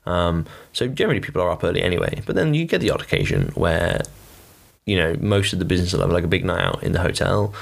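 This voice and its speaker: A young man hosts his podcast alone, talking in a loose, rambling way with plenty of fillers. His voice sits low and has a gravelly edge. His pitch swings widely as he tells stories and gets worked up. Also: sing-song, fast talker. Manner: rambling and chatty, full of fillers and blunt swearing. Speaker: podcast host. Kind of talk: casual solo podcast monologue.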